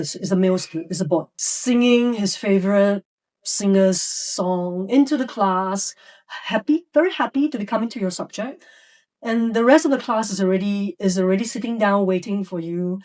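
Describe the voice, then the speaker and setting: Interviewed on a podcast, a woman educator tells stories from the classroom, acting out the voices of students and teachers. Her voice is medium-pitched with a darkish tone, picked up by a distant mic.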